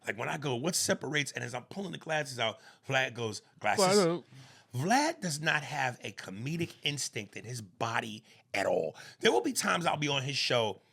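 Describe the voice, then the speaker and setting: A man co-hosting a comedy podcast in casual chat, animated and prone to slipping into quick jokey impressions. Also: medium pitch, vocal fry, breathy edge.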